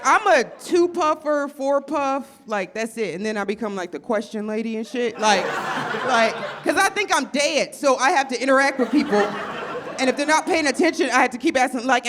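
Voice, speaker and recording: Brief: female stand-up comic, brash and animated, acts out characters, noisy live room. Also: on the high side. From Chicago area. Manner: loud, animated, acts out quotes in shifting voices. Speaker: stand-up comedian. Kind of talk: stand-up comedy set.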